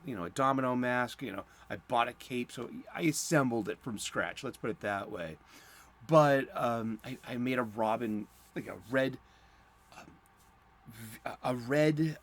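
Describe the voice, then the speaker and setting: Comics host dude, middle-aged, rambly, lots of ums and laughs. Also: male voice, mid-range voice, a bit bright. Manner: chatty, chuckling, lots of fillers and restarts. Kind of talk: casual rambling monologue.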